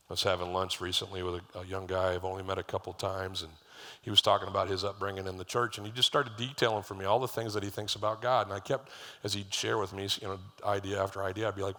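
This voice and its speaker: Middle aged guy preaching, chatty storyteller, bright voice, church hall echo behind him. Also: on the low side, quick pace. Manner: conversational, storytelling, lively asides to the congregation. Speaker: lead pastor. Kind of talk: sermon. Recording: live church hall reverb.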